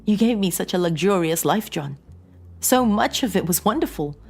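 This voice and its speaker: Woman doing a clingy, sorrowful estranged wife, husky and emotional, for a horror audiobook. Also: mid-range voice, animated, moderate pace, pitched above the performer's own voice. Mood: pleading. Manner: pleading, tearful.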